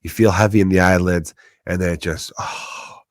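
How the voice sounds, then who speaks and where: A man's voice: deep voice, steady tone, normal speed, no echo, studio quality. Profane ranting man with a Chicago accent. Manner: profane, ranting, acts out quoted voices. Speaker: podcast host, comedian. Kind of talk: comedic monologue.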